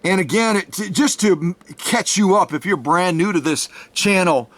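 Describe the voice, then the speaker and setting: A man's voice: high voice, normal speed, a bit bright, no echo. A man who restores vintage sewing machines, hosting his channel and making an effusive, repetitive fundraiser appeal to his viewers, whom he calls folks. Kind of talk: enthusiastic direct-to-camera fundraiser appeal.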